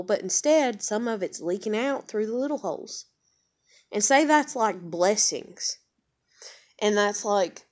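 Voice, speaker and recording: Speaking to camera, a vlogger who has a daughter launches into a blunt, heated personal rant, cursing almost constantly. She uses Southern-style phrases like "y'all" and "fixing to," in a mid-range voice with a darkish tone.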